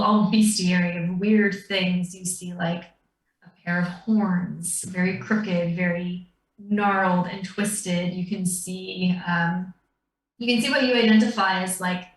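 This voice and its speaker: A woman narrating a tabletop game as dungeon master, describing scenes in a meandering way. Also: fairly low pitch. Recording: roomy, distant mic.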